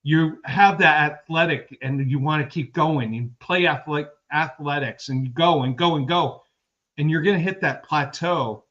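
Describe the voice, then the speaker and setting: A man's voice: on the high side, moderate pace, fairly bright tone, muffled recording. A man in his fifties co-hosting a sports podcast, rambling through personal anecdotes in casual chat. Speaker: podcast co-host.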